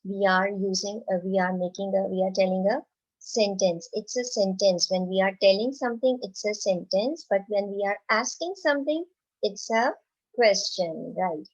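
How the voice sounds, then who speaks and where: A woman teaching a slow, simple lesson to young children. She encourages them and asks questions that she then answers herself. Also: mid-range voice, dull audio. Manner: reads example sentences very slowly and clearly.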